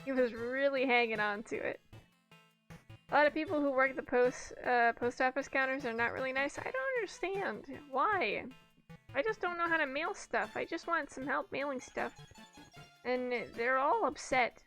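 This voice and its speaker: A woman's voice: high voice, lively intonation, normal speed, fairly bright tone. A young woman streaming a game, chatting casually, swearing freely and laughing between rambling stories. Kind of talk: casual chat while gaming. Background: faint background music.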